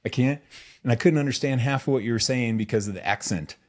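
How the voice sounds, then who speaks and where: A man's voice: medium pitch, fast talker. A man hosting a podcast in casual chat, teasing his co-host and laughing easily.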